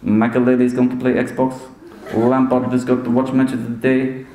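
A man doing an impression of a confident foreign football manager who talks in measured phrases with humming pauses. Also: medium pitch, completely flat delivery, warm tone, echoey room, slight background noise, close to an everyday voice, rough recording. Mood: matter-of-fact. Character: smooth-talking foreign male football manager, confident, commanding.

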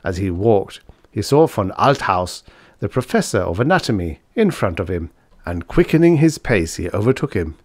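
Male storyteller, lower voice, animated reads, dry booth sound. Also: normal speed, no room sound. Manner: expressive storytelling. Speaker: audiobook narrator. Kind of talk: scripted narration.

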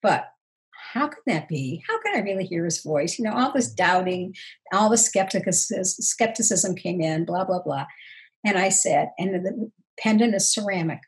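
An older woman, a counselor guest on an interview, talking earnestly and reflectively about her personal growth, with soft laughs. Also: medium pitch, expressive, moderate pace, low-quality recording. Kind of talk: interview conversation.

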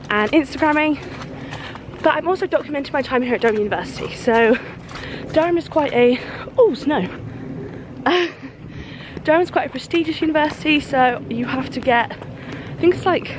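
A young adult student vlogger in her bedroom has a casual, bubbly, giggly chat with her handheld compact camera. Her voice is high-pitched, and background noise is audible.

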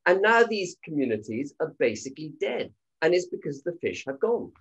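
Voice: mid-range voice, very animated, normal speed, slightly rough. A speaker from Britain making fluent, argumentative points as a guest on a political talk show. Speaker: panel guest. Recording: dull, lo-fi audio.

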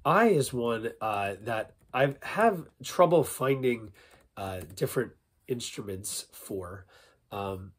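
Jokey music teacher guy, kinda husky voice, swoops up and down a lot while he talks. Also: medium pitch, expressive, slow pace. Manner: upbeat, jokey, sings snippets. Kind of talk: playful vocal warm-up lesson.

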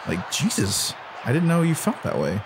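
A man co-hosting a couch gaming session, excitable and quick to laugh. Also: noisy background. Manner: excitable, laughs a lot, yelps high. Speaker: let's play co-host. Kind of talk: casual gaming banter. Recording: game music behind.

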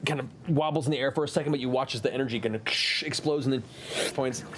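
A man's voice: mid-range voice, fairly even intonation, quick pace. A man narrating as game master of a tabletop game, describing scenes vividly.

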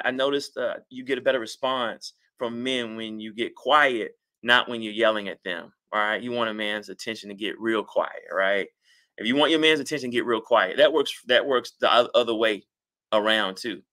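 A middle-aged man giving relationship advice on a livestream, reading out viewer comments with a passionate, animated delivery. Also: mid-range voice.

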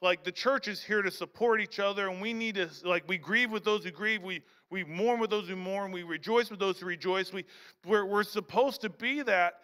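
A male pastor with a high, bright voice preaches a conversational sermon. He repeats his phrases and restarts his sentences. The sound carries a long reverb from the church hall. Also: normal speed. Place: church sanctuary.

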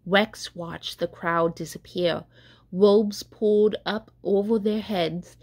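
A woman catechist reading a children's story aloud, slow and careful, with small stumbles. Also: mid-range voice, a little mellow.

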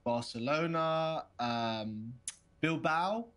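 A man's voice: a little high, extremely slow, fairly bright tone. An actor playing a hesitant, polite young man on a video date, often stammering and restarting. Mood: eager. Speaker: player character on video dates.

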